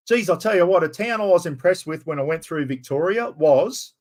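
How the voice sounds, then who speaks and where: An Australian man hosting a casual live stream, loud and rambling, swearing freely as he chats. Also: high-pitched, expressive, a little fast, hardly any pauses.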